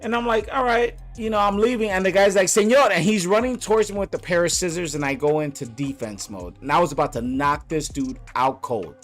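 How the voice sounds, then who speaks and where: A man's voice: high-pitched, a little fast, few pauses, fairly bright tone, faint music behind. A man telling an angry story about a bad trip, blunt and profane, repeating lines for emphasis. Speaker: vlogger.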